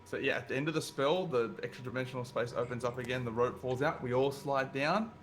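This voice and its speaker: A man's voice: medium pitch, fairly quick, a little hiss or hum. A man playing in a tabletop game, eager and stammering as he explains his moves. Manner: eager, stammering restarts, laughing. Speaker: player. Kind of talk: casual tabletop play.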